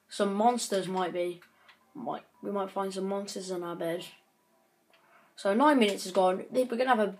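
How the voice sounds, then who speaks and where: A woman giving chatty gameplay commentary, breaking into frequent frustrated outbursts. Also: mid-range voice. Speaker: gaming channel host.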